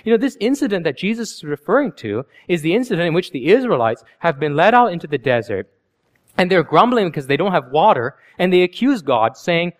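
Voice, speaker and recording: Animated male preacher, lively pitch. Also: brisk. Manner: animated, storytelling with rhetorical questions. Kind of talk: sermon.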